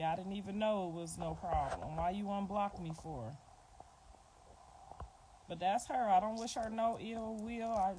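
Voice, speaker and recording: A woman's voice: mid-range voice, noisy background. A middle-aged woman and grandmother talking bluntly and emphatically to viewers on a livestream, repeating her points. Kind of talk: casual livestream talk to viewers.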